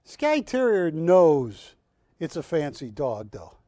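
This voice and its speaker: A man hosting a live shopping show, selling with joking, drawn-out salesman patter. He speaks slowly and in a fairly high voice. The sound is dry and close. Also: huge pitch swings, mellow, dry recording. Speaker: shopping channel host. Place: TV studio.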